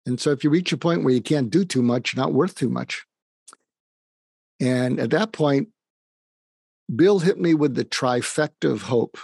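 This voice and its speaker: A man's voice: medium pitch, moderate pace, gravelly, long pauses, a little mellow, slightly rough, dry recording. Male psychiatrist guest, earnest storyteller, dry close sound, acts out quoted lines. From suburb of Boston, USA. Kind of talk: personal storytelling.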